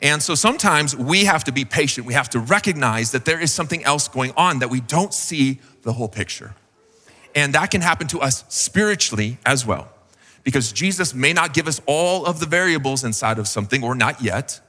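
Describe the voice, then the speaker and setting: A man's voice: medium pitch, animated, brisk, pushed and bright, long reverb tail. A man preaching a sermon as pastor, telling a story casually with fillers and acted quotes.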